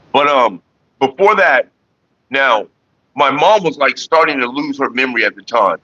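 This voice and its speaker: A man hosting a casual livestream tells profanity-laced stories with animated energy and talks to his viewers. His voice is bright and sharp. The sound is dry and a little muffled. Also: mid-range voice, no echo. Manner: profane, animated storyteller who also chats with viewers. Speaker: livestream host.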